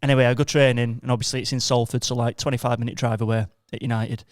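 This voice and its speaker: A man's voice: mid-range voice, little pitch movement, fast, dry recording, studio quality. A man co-hosting a podcast, chatting casually and acting out the people in his stories. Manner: storytelling, acts out the people he quotes. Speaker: podcast co-host. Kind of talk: casual chat, anecdotes.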